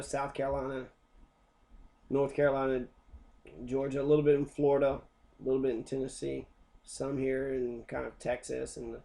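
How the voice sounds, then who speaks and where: A man's voice: medium pitch, a little mellow. A man teaching a history lesson as an angry, profane rant, swearing constantly.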